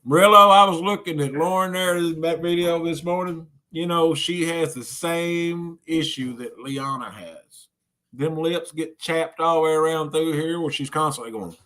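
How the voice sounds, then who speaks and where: A vlogger filming at home, cooing at a baby and calling to the dogs in a drawn-out, sing-song voice, caught on a handheld phone. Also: medium pitch, bright, forceful tone. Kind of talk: casual home vlog chatter. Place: home, kitchen and living room.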